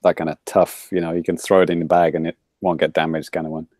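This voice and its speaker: A man's voice: low voice, flat delivery, fast, a little mellow, no echo, clean studio sound. A man co-hosting a podcast in casual chat, joking and laughing often. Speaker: podcast co-host.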